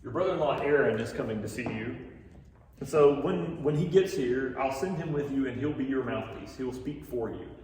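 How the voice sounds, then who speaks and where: A man's voice: medium pitch, fairly quick, darkish tone, a little hiss or hum, close to an everyday voice. A man voicing a firm, commanding God. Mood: impatient. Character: commanding male deity, firm and impatient. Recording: echoey hall from far off.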